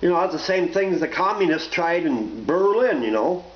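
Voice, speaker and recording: A man's voice: fairly high pitch, lively intonation, normal speed. A man ranting casually to camera, blunt and profane, rambling from point to point. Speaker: vlogger. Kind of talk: casual opinion rant to camera. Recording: roomy, dull lo-fi home recording.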